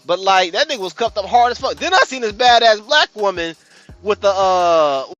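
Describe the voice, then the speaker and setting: High, lively, bright-voiced man telling a story. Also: moderate pace, muffled recording, soft background music. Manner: animated storytelling, profane, loud outbursts. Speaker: podcast host. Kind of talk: casual chat.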